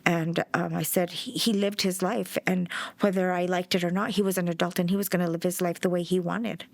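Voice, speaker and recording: A woman's voice: fairly low pitch, little pitch movement, fairly quick, creaky, dry recording. Middle-aged mother, documentary interviewee; direct, blunt, speaks her mind. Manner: blunt and outspoken. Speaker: bereaved mother.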